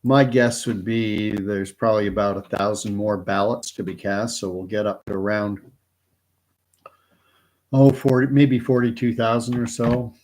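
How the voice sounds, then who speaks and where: A man's voice: fairly low pitch, level tone, measured pace, a little mellow. A man from Canada hosting a casual live stream, chatty and joking, thinking aloud as he follows a count. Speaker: host.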